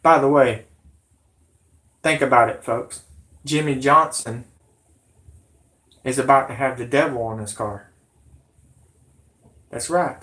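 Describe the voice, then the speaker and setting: A man's voice: medium pitch, slow pace, long pauses, fairly bright tone. A man hosting a vlog, ranting in a rambling, indignant way and swearing. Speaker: vlog host.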